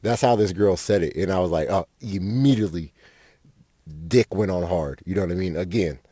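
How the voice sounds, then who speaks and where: A man's voice: sits low, moderate pace, dark tone, dry recording, clean studio sound. A young man, a podcast host telling a rambling, profane story with lots of fillers. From Fort Worth, Texas. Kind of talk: casual storytelling monologue.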